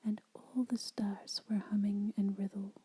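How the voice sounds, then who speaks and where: A woman whispering a children's story aloud as an ASMR storyteller, soft and unhurried. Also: medium pitch, flat delivery, husky, poor audio.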